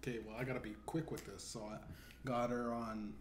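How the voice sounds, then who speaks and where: A man's voice: mid-range voice, steady tone, a little fast. A man hosting a casual podcast chat and asking teasing questions. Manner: laid-back, teasing questions. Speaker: podcast host. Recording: echoey room, faint noise.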